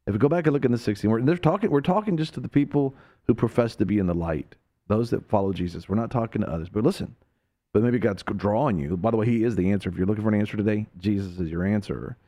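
A man's voice: lowish voice, fast talker, warm tone. Preaching male talk radio host. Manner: preacherly, rising to emphatic peaks.

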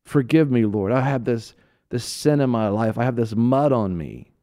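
A man voicing a repentant sheep that pleads with God in an earnest, drawn-out way. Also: mid-range voice, animated, warm tone, no room sound, studio quality, natural voice. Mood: pleading.

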